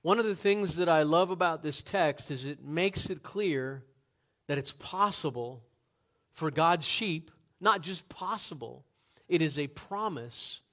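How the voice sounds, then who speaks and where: An earnest male pastor delivering a sermon to his congregation. He builds to emphatic peaks and asks rhetorical questions, in a slightly high voice. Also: lively intonation, a little slow, fairly bright tone.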